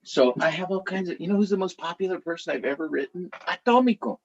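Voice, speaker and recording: A middle-aged man telling stories to a live audience in an animated, chatty way, laughing now and then as he talks. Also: sits high, quick pace, vocal fry, breathy edge, dull audio. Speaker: author.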